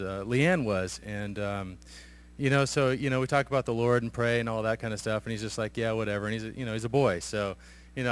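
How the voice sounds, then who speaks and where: A middle-aged man sharing a personal testimony in a church, halting, with many fillers and restarts. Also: fairly low pitch, fairly bright tone, clear, resonant tone. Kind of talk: hesitant spoken testimony.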